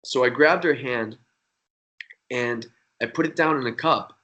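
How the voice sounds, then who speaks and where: A man's voice: mid-range voice, measured pace. A young man, a magician guest, telling a story in a casual, rambling way and swearing freely. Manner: profane, rambling, animated.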